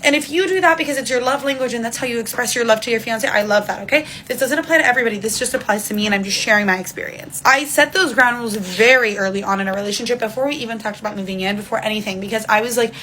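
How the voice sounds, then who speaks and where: A woman's voice: fairly high pitch, rapid-fire, few pauses, bright, forceful tone, slight background noise, poor audio. A woman speaking her opinions in a casual monologue, firm and matter-of-fact, repeating points for emphasis. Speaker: social media commentator.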